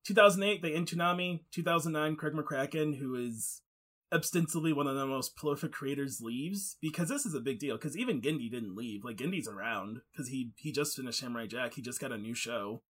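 A man's voice: mid-range voice, brisk, fairly bright tone. A man co-hosting a laid-back podcast chat. He rambles through his points, stopping and restarting often, with plenty of fillers along the way. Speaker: podcast co-host. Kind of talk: casual chat.

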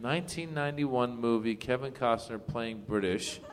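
Hesitant comedian contestant. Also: male voice, mid-range voice, normal speed. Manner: hesitant, full of fillers. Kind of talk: game show banter. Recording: reverberant stage with faint noise.

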